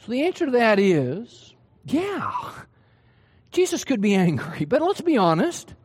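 A man's voice: extremely high pitch, huge pitch swings, unhurried, breathy edge, long reverb tail. A man preaching a sermon, emphatic and full of questions to his listeners. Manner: emphatic, asks the hearers questions.

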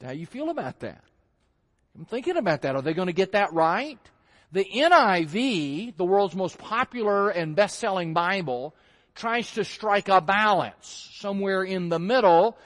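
A man's voice: high voice, expressive, moderate pace, a bit bright. A man preaching a sermon in a conversational way, asking rhetorical questions and acting out his listeners' reactions. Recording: long hall reverb.

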